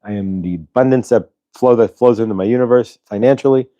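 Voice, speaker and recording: A man's voice: mid-range voice, brisk, no room sound, lo-fi sound. A man hosting a casual spiritual livestream, talking loosely and reading out viewers' chat messages. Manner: relaxed, rambling, reads chat aloud. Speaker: host.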